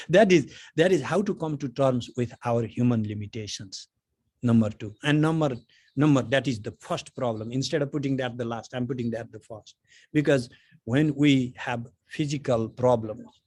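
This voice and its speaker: A middle-aged man leads a philosophy lesson in a relaxed, storytelling way, sprinkling in "you know" as he thinks aloud. His voice sits in an ordinary middle register. The sound is dry, with no room echo. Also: mid-range voice, husky. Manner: chatty, anecdotal, many "you know" fillers. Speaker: spiritual teacher. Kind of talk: conversational philosophy lecture.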